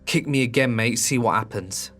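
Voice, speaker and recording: A man doing a feisty, sharp-tongued young woman. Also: mid-range voice, a little fast, faint music behind, close to an everyday voice. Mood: defiant. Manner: defiant, confrontational.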